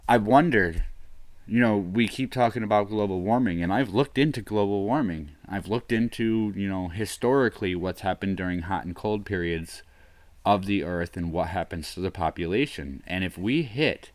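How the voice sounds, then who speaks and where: A man in his thirties hosting a solo livestream, rambling and musing aloud, often trailing off into low mutters. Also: moderate pace, dry recording. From US northeast coast. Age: 30s. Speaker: livestream host.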